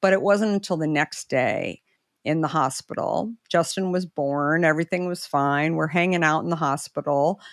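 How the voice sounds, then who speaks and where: A woman's voice: normal speed, no echo, studio quality. A middle-aged woman, a guest entrepreneur, telling a story in casual conversation and acting out the people she quotes. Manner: animated, acts out quoted voices with pitch leaps.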